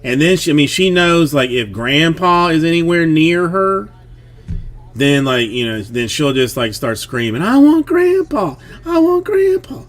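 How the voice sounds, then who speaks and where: A man's voice: a little high, lively intonation, a little slow, fairly bright tone. A man in his thirties chatting casually on a livestream about being a father, rambling with plenty of fillers and restarts. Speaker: streamer, father of a young daughter.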